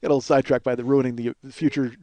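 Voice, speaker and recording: Speaking rapid-fire in a mid-range, dark-toned voice with flat delivery, a middle-aged man from around Chicago hosts a podcast and spins rambling, profane, self-mocking comic tales, acting out pieces of dialogue.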